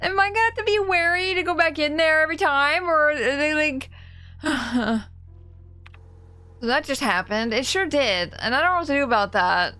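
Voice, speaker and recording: A woman's voice: sits high, moderate pace, sharp tone. A young woman in casual live-stream commentary, giggly and chatty, easily startled as she plays. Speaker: game streamer.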